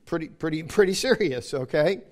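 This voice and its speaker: A man's voice: fairly high pitch, expressive, brisk. A man preaching a sermon emphatically, repeating phrases to drive his points home and calling out to the congregation.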